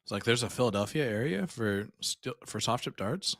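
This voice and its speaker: A man's voice: mid-range voice, expressive, moderate pace, fairly bright tone, dry recording, clean studio sound. A man co-commentating a live darts stream, joking and teasing his partner. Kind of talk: live sports commentary, casual banter.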